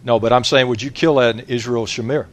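A man's voice: medium pitch, fairly even intonation, brisk. A man hosting a confrontational talk show, blunt, pushy and swearing freely. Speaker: host.

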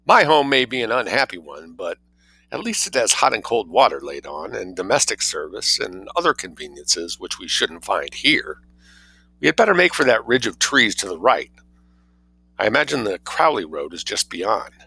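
A wry, crisply sardonic young gentlewoman, as a male reader speaks her lines with a slightly raised, lively pitch. The tone is bright with a gravelly edge. It sounds like a storybook read aloud. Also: moderate pace, full character voice. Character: dry, cross young gentlewoman narrator. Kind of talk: audiobook reading.

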